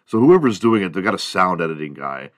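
A man's voice: big pitch swings, fairly quick, no echo, clean studio sound. A man hosting a solo morning podcast, riffing in a rambling, profane, comedic monologue and laughing at his own jokes. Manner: mimics other people in high squeaky voices. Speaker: podcast host.

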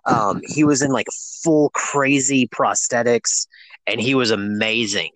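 A man's voice: mid-range voice, fairly even intonation, unhurried, a bit bright, no echo. A man co-hosting a podcast, telling stories casually with plenty of fillers. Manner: conversational, storytelling, many fillers. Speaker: podcast co-host. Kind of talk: casual interview chat.

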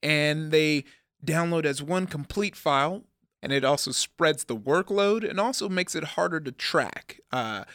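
A man's voice: a little high, animated, measured pace, fairly bright tone, no echo, studio quality. A man in his thirties co-hosting a podcast, rambling and joking, laughing often. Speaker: podcast co-host. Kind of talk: casual chat.

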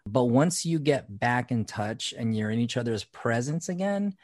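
A man co-hosting a casual chat about a reality show, animated and playful, sometimes slipping into mock voices. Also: mid-range voice, normal speed, no echo, clean studio sound. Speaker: podcast co-host.

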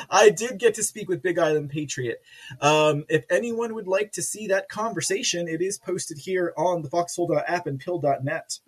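Texan man, livestream host; loose, self-mocking chatter, light laughing, slightly high pitch. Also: big pitch swings, unhurried, breathy edge. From Texas. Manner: giggly, rambling, self-mocking. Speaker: livestream host reading chat. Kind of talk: casual live commentary.

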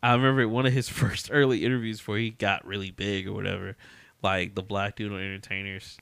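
A man co-hosting a podcast in casual chat, animated and quick to laugh as he rants about bad movies. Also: lowish voice, creaky, no echo. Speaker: podcast co-host.

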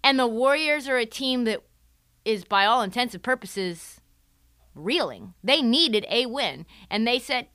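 A woman's voice: on the high side, expressive, a little slow, sharp tone, no room sound, studio quality. A woman ranting through sports commentary with a sarcastic, profane edge, acting out the people she quotes. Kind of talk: animated sports commentary rant.

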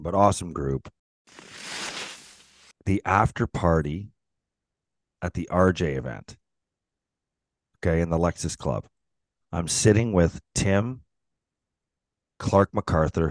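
A middle-aged man with a very low voice spins animated stories in a casual podcast chat. He swears freely and acts out the quotes. The recording is dry and close. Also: a little slow, long pauses, dry recording. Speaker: podcast co-host, former pro hockey player.

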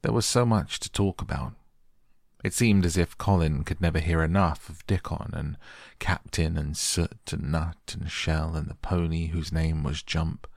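A man reads a storybook aloud to help listeners fall asleep, gentle and unhurried. His voice is deep with a gravelly edge. The recording is close and dry, with no room sound. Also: steady tone, no echo. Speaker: audiobook reader. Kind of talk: soft bedtime audiobook narration.

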